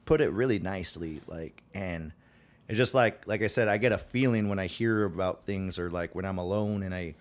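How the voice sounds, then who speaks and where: A man with a low voice and a moderate pace appears as a guest on a podcast, talking casually. He has an American Western twang, rambles with lots of filler words, and acts out quotes.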